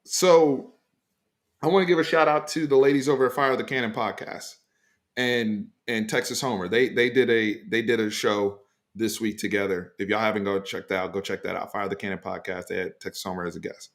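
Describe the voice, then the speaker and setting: A man hosting a casual sports talk show, giving emphatic opinions in a loose, animated way with frequent fillers. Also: lowish voice, fairly quick. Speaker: sports podcast host.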